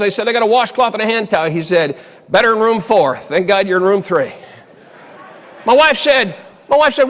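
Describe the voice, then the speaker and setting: In a big venue with long, echoing reverb, a motivational speaker with a high voice tells a funny story at a moderate pace. The animated humor later softens into something quiet and earnest as the keynote plays out before a live audience.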